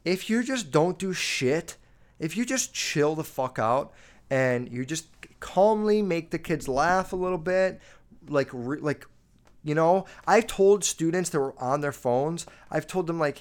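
A young man holds forth alone on his podcast in a casual, swear-filled rant. His voice sits slightly high for a man, and he hammers his points home with emphasis. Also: lively intonation, a little slow. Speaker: podcast host. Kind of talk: solo podcast monologue.

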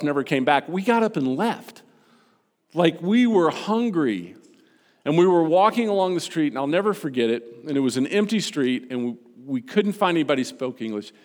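Preacher guy, kinda high voice, storytelling sermon, big echoey church sound. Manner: animated storytelling, drops soft and slow on key points. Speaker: pastor.

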